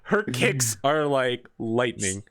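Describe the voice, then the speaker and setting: A man's voice: medium pitch, slow pace, a crowd in the background. A man running a tabletop game as game master, narrating loosely with many fillers.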